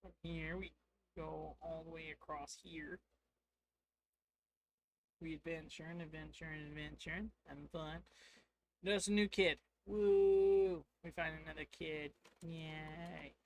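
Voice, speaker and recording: A man's voice: fairly high pitch, fairly even intonation, unhurried, vocal fry, long pauses, fairly bright tone, a little hiss or hum. A man casually retelling a tabletop adventure to his stream chat, rambling and playful. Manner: rambling, playful, acts out lines. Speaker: streamer recounting a game.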